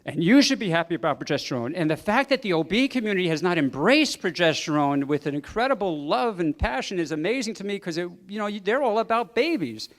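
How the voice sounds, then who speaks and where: A man's voice: high voice, sing-song, quick pace, few pauses. A middle-aged man, a doctor, giving an earnest, emphatic speech at a banquet, now and then chuckling at his own asides. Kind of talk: public speech. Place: banquet hall.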